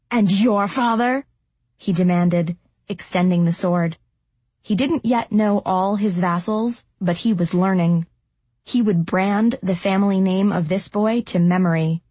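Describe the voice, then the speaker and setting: A woman narrating a dark fantasy audiobook in a steady, dramatic storytelling manner. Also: fairly low pitch, slightly rough, no room sound. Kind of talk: scripted narration.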